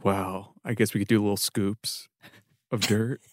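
A man improvising as a player in a tabletop game, with a deadpan, playful delivery. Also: lowish voice, measured pace, no echo, clean studio sound. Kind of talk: improvised tabletop role-play.

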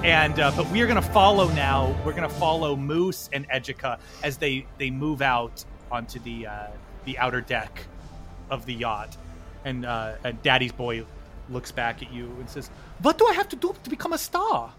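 A young man narrating as game master, playful and animated. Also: mid-range voice, normal speed, faint music behind.

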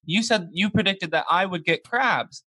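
A comedy podcast co-host with a deadpan, rambling delivery. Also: medium pitch, no echo. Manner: quick, deadpan, rambling asides.

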